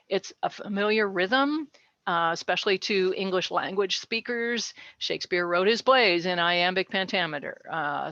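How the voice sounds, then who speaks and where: A woman researcher talks through poetry in a relaxed, chatty lesson, dropping asides and small laughs. Her voice sits mid-range, recorded dry with no room sound. The audio is slightly dull and muffled. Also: mid-range voice, dry recording. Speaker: researcher giving a talk. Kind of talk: casual educational talk.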